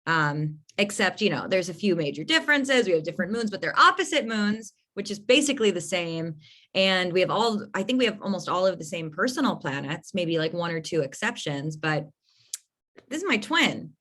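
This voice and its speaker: An effusive young woman hosts an astrology podcast, gushing and laughing easily as she chats. Her voice sits a little low for a woman. She talks casually and drops the odd swear. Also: animated, a little fast, a bit bright. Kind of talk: casual chat.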